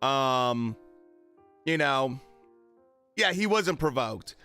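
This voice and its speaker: A man's voice: mid-range voice, expressive, very slow, sharp tone, smooth, faint music behind. A man chatting casually on a live stream about boxing, with many fillers and retold quotes.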